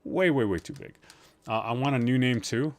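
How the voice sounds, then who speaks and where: A man's voice: medium pitch, expressive, moderate pace. A man hosting a live-streamed podcast from a room at home, chatting casually, rambling and teasing his chat with jokes.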